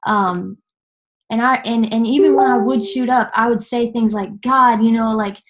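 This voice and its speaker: A woman's voice: fairly high pitch, noisy background. A young woman from Nashville, giving an earnest personal testimony that halts and restarts often. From Nashville, Tennessee. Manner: earnest, halting, many fillers and restarts.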